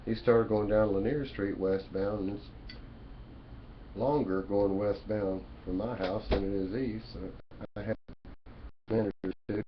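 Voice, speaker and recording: A man's voice: lowish voice, steady tone, a little slow, long pauses. A man talking straight to his webcam in a rambling, folksy, preachy way, full of "you know" and "man". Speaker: vlogger. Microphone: webcam mic. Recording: dull lo-fi webcam audio with faint room noise.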